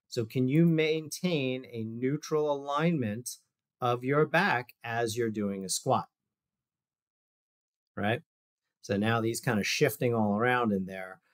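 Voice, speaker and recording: A man, a physical therapist, giving a loose, conversational talk over a video call while walking through exercise videos, with fillers and asides. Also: medium pitch. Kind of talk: casual presentation over shared screen.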